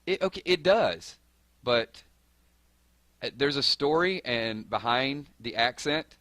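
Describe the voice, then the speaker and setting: A young man with a Southern Georgia accent, chatting fast and excitably on a live stream while answering viewers' comments. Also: medium pitch, no echo. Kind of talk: casual live-stream chat.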